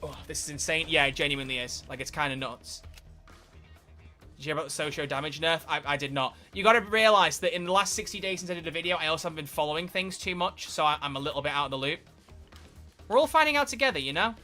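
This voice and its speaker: A man giving live, excitable gameplay commentary as a streamer, swearing and bursting into shouts. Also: a little high, fast, soft background music. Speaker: game streamer.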